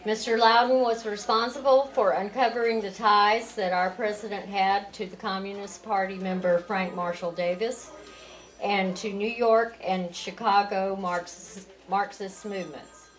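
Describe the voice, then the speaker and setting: A woman's voice: mid-range voice, steady tone, measured pace, low-quality recording. A woman introducing a guest speaker, reading a formal introduction with occasional stumbles.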